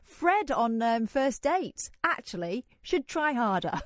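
A woman's voice: sits high, big pitch swings, slow, no room sound, clean studio sound. A woman hosting a radio phone-in, chatting with a caller and laughing easily. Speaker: radio host. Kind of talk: late-night phone-in chat. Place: radio studio. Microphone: studio mic.

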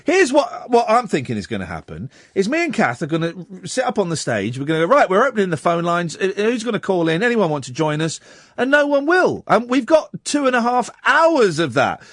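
A man's voice: high voice, fairly bright tone, no echo, studio quality. A man hosting a radio phone-in, teasing and exasperated with callers in casual chat.

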